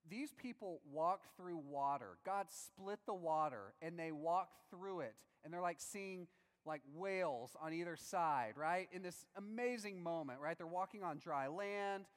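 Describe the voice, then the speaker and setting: Animated preacher in a reverberant hall. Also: male voice, fairly high pitch, unhurried. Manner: animated, acts out voices of biblical figures. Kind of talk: sermon.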